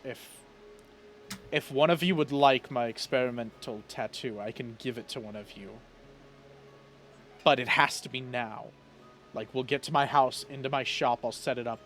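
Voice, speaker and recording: A man playing a weary tattoo artist in a tabletop game who talks earnestly and a little hurriedly. His voice stays mid-pitched and ordinary, the same as the game master's own. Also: fairly bright tone, lightly acted. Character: weary male tattoo artist fleeing a guild.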